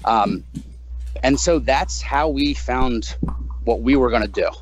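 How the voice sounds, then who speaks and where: A man in his thirties, a guest musician in a casual podcast interview, talking animatedly, swearing freely and jumping up high when he quotes himself. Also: slow, faint music behind, rough recording.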